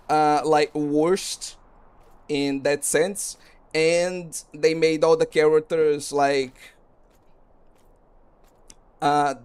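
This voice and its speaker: A man's voice: a little high, a little mellow, clean tone. A man streaming a game, talking casually and rambling with lots of fillers. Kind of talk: casual commentary while gaming.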